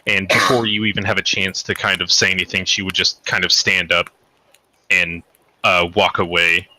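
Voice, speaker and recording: Rambling male game master, bright tone. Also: sits low, little pitch movement, normal speed, slight background noise. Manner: rambling, hedging, many fillers. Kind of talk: narrating a tabletop game.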